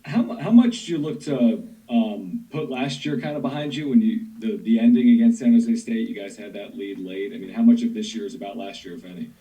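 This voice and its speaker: Male reporter with a dark, distant voice. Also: lowish voice, animated, fairly quick, hardly any pauses. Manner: thoughtful, with hesitant restarts. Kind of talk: press conference questions.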